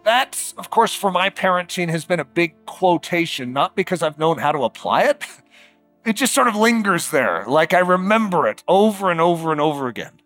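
A man preaches with a high, lively voice that swoops up and down. He leans hard on key words, stretches them out slowly, then drops to a hush. Soft music plays faintly behind him. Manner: animated, emphatic, with dramatic slowdowns and quiet drops; conversational fillers like "like" and "uh". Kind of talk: sermon.

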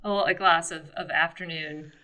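A woman co-hosting a podcast in casual chat, joking and chiming in with quick agreement. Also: deep voice, fairly even intonation, sharp tone. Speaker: podcast co-host.

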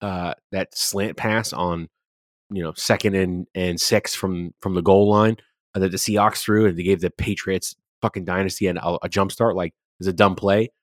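A man's voice: sits low, steady tone, normal speed, no room sound, clean studio sound. A man co-hosting a sports podcast, talking casually and animatedly, swearing freely as he rants about games. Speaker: podcast co-host.

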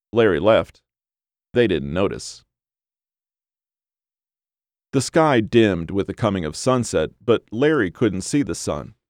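A man narrating a story as an audiobook reader, in a steady, even storytelling manner. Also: low-pitched, dry recording, studio quality. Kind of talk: scripted narration.

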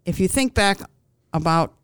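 A woman speaking as a grief counselor guest in an interview, giving calm, reassuring advice with frequent ums and restarts. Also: lowish voice, moderate pace, clear, resonant tone, no room sound.

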